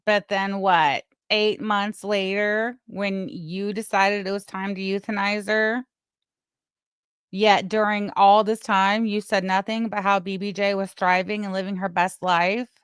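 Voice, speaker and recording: A woman's voice: medium pitch, little pitch movement, a little slow, smooth, dry recording, clean studio sound. A woman speaking in an indignant, sarcastic way.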